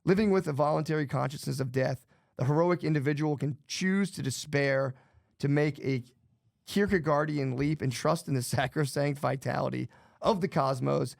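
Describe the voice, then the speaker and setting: Gravelly rambling man on a podcast. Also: fairly high pitch, moderate pace, dry recording, studio quality. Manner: rambling, profane, restarts often. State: jittery from too much coffee. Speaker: podcast co-host. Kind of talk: casual podcast chat.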